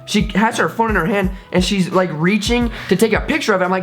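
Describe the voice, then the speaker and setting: A man's voice: high-pitched, fast, hardly any pauses, faint music behind. A young man in his twenties co-hosting a casual story time chat, joking and teasing. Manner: joking, teasing, acts out loud shouts. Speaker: co-host.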